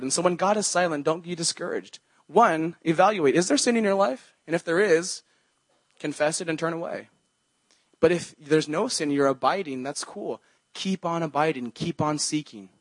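A man's voice: on the high side, no room sound. A young man preaching a sermon as a pastor, in an earnest, conversational way, quoting scripture as he goes.

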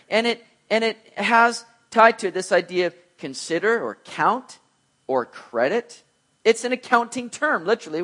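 A man preaching a sermon in an animated way, often repeating words and acting out imagined voices. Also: sits high.

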